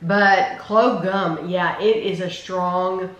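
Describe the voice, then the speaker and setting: A woman's voice: fairly low pitch, steady tone, takes it slowly, lo-fi sound. A woman hosting a casual taste-test video, chatting and rambling with enthusiasm about candy flavors. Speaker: channel host. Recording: roomy with faint noise.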